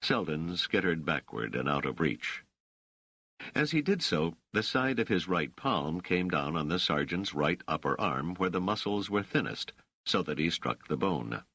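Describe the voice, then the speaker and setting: A man reading a novel aloud as scripted narration, in a measured storytelling manner. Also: deep voice, sing-song, sharp tone, husky, no room sound. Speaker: audiobook narrator.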